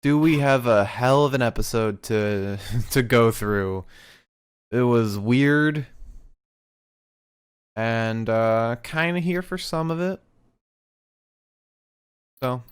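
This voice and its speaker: A young man talks through a wrestling episode in a relaxed, unhurried podcast chat. His voice is smooth and clean, and he takes his time. He swears casually as he recaps. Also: mid-range voice. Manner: laid-back, swears, mimics wrestlers in quotes. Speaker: podcast co-host.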